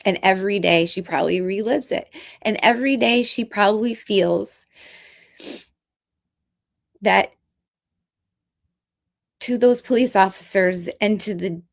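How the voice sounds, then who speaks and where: A woman speaks in a casual commentary vlog, earnest and emotional, her delivery halting with restarts. Her voice sits at a middling pitch with a gravelly, fry-laden texture. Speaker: vlogger.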